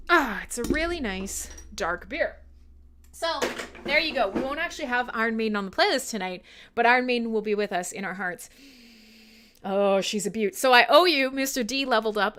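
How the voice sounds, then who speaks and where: Bright, lively woman hosting a radio show. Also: on the high side. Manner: irreverent, swears freely, laughs often, reads chat aloud. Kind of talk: casual live-stream chat with listeners.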